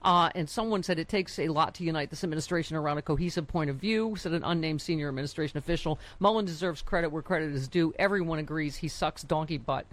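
A woman's voice: deep voice, fast talker, hardly any pauses. A woman hosting a casual talk show, playful and rambling, laughing often. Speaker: host. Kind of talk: casual chat.

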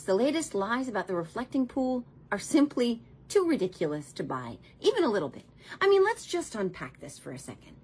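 A woman's voice: medium pitch, breathy edge. A woman delivering a scripted commentary rant in a sarcastic, exasperated tone, swearing for emphasis.

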